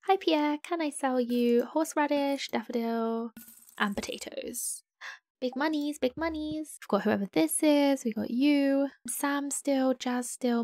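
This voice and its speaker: Young girl chatting over a farming game, kinda high voice, gasps and whispery asides, dry mic. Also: a little mellow, dry recording. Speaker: gaming YouTuber and streamer. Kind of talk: casual let's-play commentary.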